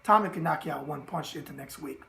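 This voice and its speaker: A man with a New York accent and a raspy voice, hosting a boxing mailbag show in a brash, streetwise manner full of catchphrases. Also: on the high side, quick pace, pushed and bright, slight background noise. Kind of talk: casual boxing mailbag talk.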